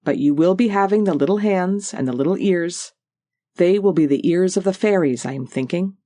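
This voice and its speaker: An audiobook narrator voicing a proud, tall old Highland widow with a Scottish Highland accent and a rich, powerful, lilting voice. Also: moderate pace, dark tone, no room sound, clean studio sound, close to an everyday voice. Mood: firm. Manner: stately, lilting, repeats "oh yes".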